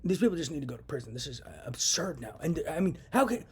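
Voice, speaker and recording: A man's voice: on the high side, sing-song, quick pace, a little hiss or hum. A young man delivering a heated, profane monologue, repeating himself as he vents. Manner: heated, profane ranting with repetitions. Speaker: vlogger. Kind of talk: angry monologue to camera.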